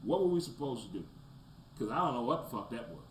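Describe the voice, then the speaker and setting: A man in the middle pitch range hosting a casual sports talk stream, jumping from loud, fired-up rants to low, muttered asides. His voice rings in a roomy space with a faint hiss of background noise behind it. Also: big pitch swings, fast. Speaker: sports talk show host.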